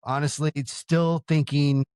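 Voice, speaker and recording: A man in his thirties from Southern California, co-hosting a casual podcast with profane, emphatic storytelling that turns soft and slow when he gets sincere. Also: a little high, level tone, clean tone, no echo, studio quality. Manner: softens and slows when sincere. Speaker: podcast co-host. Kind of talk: casual chat.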